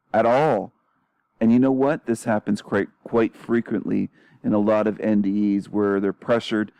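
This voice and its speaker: A man's voice: on the low side, mellow, no room sound. A man hosting his own channel, commenting on a played clip in a confrontational way and repeating rhetorical questions.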